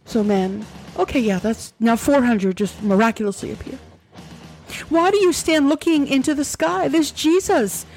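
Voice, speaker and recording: Lady reading bible verses w sarcastic asides, kinda high voice, faint music behind. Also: a little mellow. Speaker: commentary video host. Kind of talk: reading scripture with commentary.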